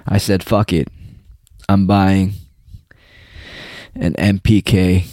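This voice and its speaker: A man's voice: deep voice, flat delivery, slow, a little mellow, no echo, studio quality. A young man from the United States delivering a rambling, profane, mocking monologue in casual chat.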